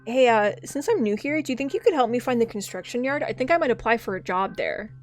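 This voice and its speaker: A woman voicing a friendly, gentle teen boy with dog ears in a story game, in a mostly natural voice. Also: fairly high pitch, lively intonation, fast talker, faint music behind, close to an everyday voice. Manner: gentle, easygoing.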